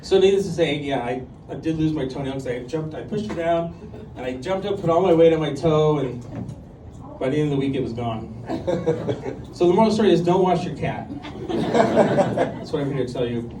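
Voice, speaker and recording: A man's voice: on the high side, animated, moderate pace, long pauses, mellow, slight background noise. A man in his fifties doing a conversational, self-deprecating stand-up set on a club stage, full of ums and likes. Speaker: stand-up comedian. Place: comedy club stage with audience. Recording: echoey club room recorded from a distance. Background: audience laughter and room ambience.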